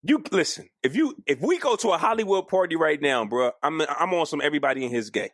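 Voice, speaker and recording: A man co-hosting a podcast in casual chat, animated and arguing his point, acting out quoted lines. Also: a little high, fast, no room sound, clean studio sound. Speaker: podcast co-host.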